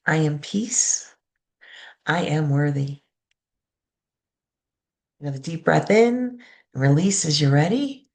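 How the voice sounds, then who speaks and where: A woman reverend giving a sermon, calmly leading the congregation through affirmations and a guided meditation. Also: sits low. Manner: slow, calm, leads call-and-response affirmations.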